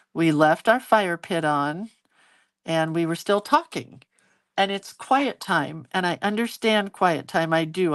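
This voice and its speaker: A woman's voice: on the low side, no room sound. Chatty woman telling a story, dry sound. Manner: chatty, animated retelling with acted quotes. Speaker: hand-lettering creator hosting a live video. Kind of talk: casual storytelling while drawing.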